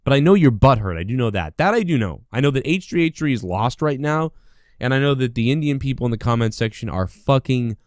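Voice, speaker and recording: A man's voice: medium pitch, lively intonation, a little fast, dry recording. Rambling, profane man with a dry sound. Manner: profane, rambling, indignant, full of fillers. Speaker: podcast host. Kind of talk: solo rant.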